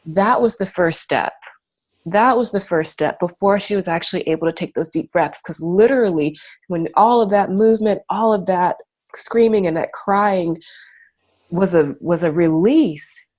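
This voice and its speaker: Woman, interview guest; low-ish voice, earnest reflective storytelling, loose and filler-heavy. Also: moderate pace, a little mellow.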